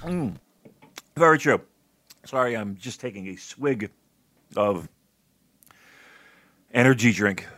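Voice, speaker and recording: A man from North America co-hosts a casual podcast, just woken up. His pitch swings widely as he rambles and restarts his sentences, and the recording is dry and close. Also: slow, pauses often, no room sound. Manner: animated, rambling, many restarts. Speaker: podcast co-host. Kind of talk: casual chat.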